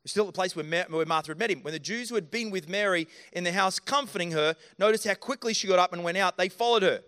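A man's voice: sits high, quick pace, pushed and bright, clear, resonant tone. A man preaching a sermon into a handheld microphone in a church, talking earnestly and directly to his congregation. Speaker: pastor. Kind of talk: sermon with live scripture staging. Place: church auditorium.

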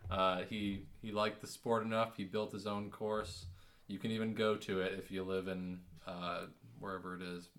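A man's voice: deep voice, flat delivery, normal speed, a bit bright. A man guesting on a podcast in casual chat, wry and joking.

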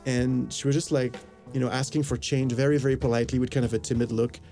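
With faint music in the background, a fast-talking man from the Los Angeles area spins a rambling personal anecdote in a level tone. He fills it with verbal fillers and acts out bits of conversation, his gravelly, mellow voice at an ordinary pitch.

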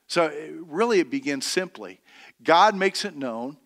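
A man preaching a sermon, reading scripture slowly and emphatically, then explaining it in plain, halting everyday talk with many restarts. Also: fairly high pitch, expressive, creaky, a bit bright, in a large hall. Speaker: pastor.

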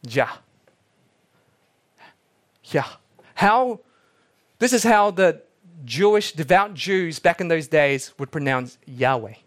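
Male pastor, slightly high voice, dramatic sermon delivery with hushed repetitions. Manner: dramatic, drops to near-whispers for emphasis, repeats key words.

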